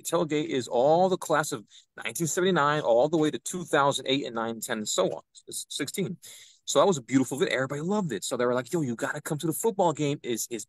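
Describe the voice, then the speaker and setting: A young man, a podcast guest, telling an animated story and acting out the people he quotes. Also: on the high side, no room sound. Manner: excitable, acts out quoted voices. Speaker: podcast guest, citizen news reporter.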